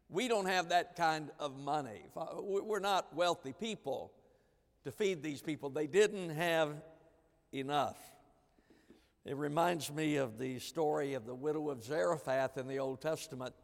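Preaching pastor in a reverberant hall. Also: male voice, a little high, unhurried. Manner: preaching with dramatized quotes of disciples. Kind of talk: sermon. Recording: long reverb of a large hall.

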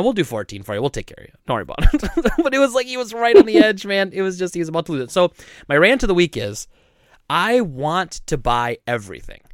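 A man running a game store, telling customer stories in a casual, animated chat and acting out the people involved. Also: fairly high pitch, clean tone, no room sound, studio quality. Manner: animated, laughing, acts out customers and coworkers. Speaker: game store owner, podcast host.

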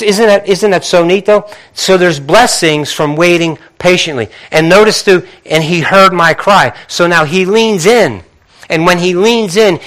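A man preaching a sermon, reading scripture quietly and then building to emphatic, repeating rhetorical questions. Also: fairly high pitch. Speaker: pastor.

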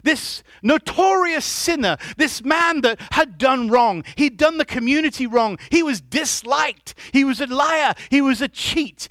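In church, a male pastor with a very high, bright, forceful voice preaches a sermon, repeatedly calling on the congregation to respond. He pushes up to loud, emphatic shouts, and the sound is dry and close with almost no room echo.

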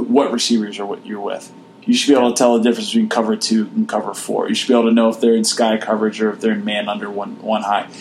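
Relaxed man breaking down football tactics. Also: mid-range voice, a little hiss or hum. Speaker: podcast co-host. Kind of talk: casual sports talk.

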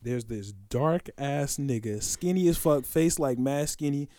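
A young man co-hosting a podcast, telling stories in a lively, slangy way and acting out the sounds and voices in them. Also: mid-range voice, a little slow, dry recording, clean studio sound. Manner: animated, slangy storyteller who acts out voices and sounds. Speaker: podcast co-host. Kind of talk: casual storytelling chat.

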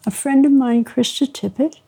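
Woman author, warm mid-high husky voice, animated storyteller who laughs through her tales. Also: normal speed. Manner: lively raconteur, mimics dialogue, laughs often. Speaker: author being interviewed. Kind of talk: anecdotal storytelling.

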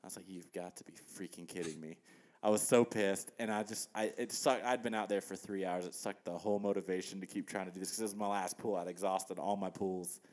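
Male guest, low voice, animated storyteller in casual chat. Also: fairly quick, few pauses. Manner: animated storytelling with laughs and quoted asides.

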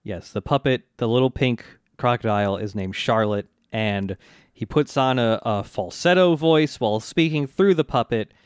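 A man's voice: mid-range voice, normal speed, clear, resonant tone, dry recording, studio quality. A man co-hosting a podcast, chatting casually as he recaps an anime episode, rambling loosely with lots of fillers and restarts. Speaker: podcast co-host.

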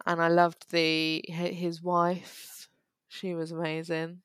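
A young woman, co-hosting a casual chat and gushing enthusiastically, quick to laugh. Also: on the low side, monotone, smooth, no room sound. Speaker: podcast co-host.

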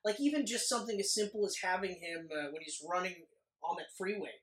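Man, podcast co-host, casual movie talk, jokey, rambling, bright, echoey room. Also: high-pitched. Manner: jokey, rambling, quick to laugh. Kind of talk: casual movie review chat.

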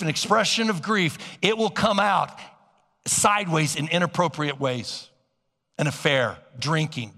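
Male pastor, sermon, gravelly edge, echoey sanctuary sound. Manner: animated preaching, swings from loud emphasis to soft low asides.

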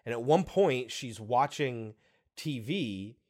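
A man co-hosting a podcast, chatting casually about a film in an animated, profane way with quick asides. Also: medium pitch. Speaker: podcast co-host.

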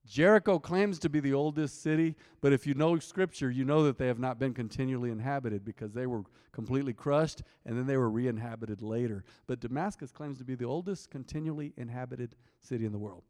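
Animated preacher in an echoing hall. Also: male voice, mid-range voice, a little fast. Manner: animated, teasing, quizzes the congregation. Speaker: pastor. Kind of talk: interactive sermon, reading scripture aloud. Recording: long hall reverb.

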